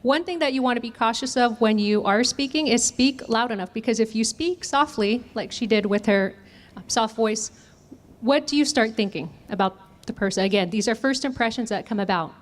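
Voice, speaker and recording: A woman's voice: on the high side, normal speed. A woman running a communication workshop, asking the audience questions and demonstrating voice techniques. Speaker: communication trainer. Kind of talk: interactive workshop teaching.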